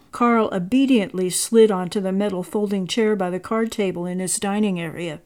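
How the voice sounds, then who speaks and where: A woman reading a story aloud in a measured, expressive narrating voice. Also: mid-range voice.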